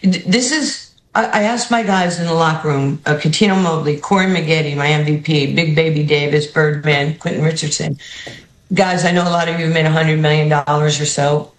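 A woman's voice: sits low, brisk, roomy sound, poor audio. A woman with a New York accent, a basketball head coach telling stories in an interview and acting out the people in them. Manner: animated, acts out the people in her stories. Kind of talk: storytelling interview answers.

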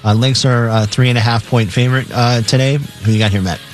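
A man's voice: medium pitch, fairly even intonation, fast talker, soft background music. Matter-of-fact man reading betting lines. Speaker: sports radio co-host reading betting lines. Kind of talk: reading game lines on radio.

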